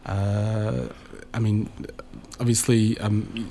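Hesitant New radio host. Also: male voice, lowish voice, flat delivery, takes it slowly, dark tone, a little hiss or hum. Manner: hesitant, many ums and restarts. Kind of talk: live radio interview. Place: radio studio.

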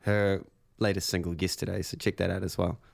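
A man's voice: sits low, little pitch movement, brisk, vocal fry. A man guest on a radio show, upbeat and jokey, hyping up his bandmates. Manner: upbeat and jokey, hypes others. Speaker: musician guest. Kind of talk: casual on-air chat.

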